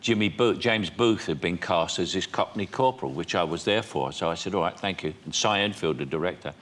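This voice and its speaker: Fairly quick and bright, with a voice that sits low, this older talk show guest spins chatty anecdotes. He voices the characters' lines himself and breaks into frequent laughter.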